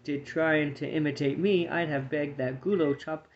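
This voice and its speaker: A man's voice: a little high, fairly even intonation, moderate pace, lo-fi sound, slight background noise, close to an everyday voice. A man voicing a jolly, lanky young male hare with a plummy, upper-crust manner, reading a storybook aloud. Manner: plummy, ends with "what".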